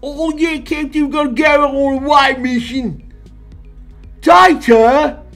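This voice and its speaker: A man putting on a giddy, high-voiced actress at a fan convention, exaggerated and sing-song. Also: slow, a bit bright, soft background music, heavily acted.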